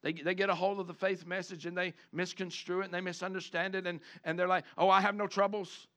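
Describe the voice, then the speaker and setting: A man preaching a sermon, animated, switching between chatty asides and loud shouted lines, acting out the people he quotes. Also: sits high, quick pace. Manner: acts out the congregation and the people he quotes. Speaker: pastor.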